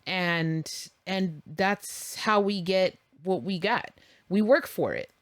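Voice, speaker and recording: A woman's voice: fairly low pitch, slow pace, dry recording. Chatty woman podcast co-host, dry close sound. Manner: chatty, candid, laughs easily, swears casually. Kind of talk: casual chat.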